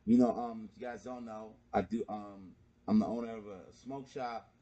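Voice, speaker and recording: A man's voice: on the low side, steady tone, moderate pace, warm tone, muffled recording. A man co-hosting a podcast, telling a laid-back story in casual chat and swearing freely. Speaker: podcast co-host.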